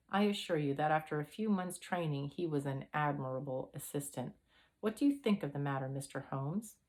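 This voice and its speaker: A woman's voice: sits low, a little mellow. Woman doing mincing old invalid scholar, flowery, chain-smoker. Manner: mincing, flowery, self-pitying.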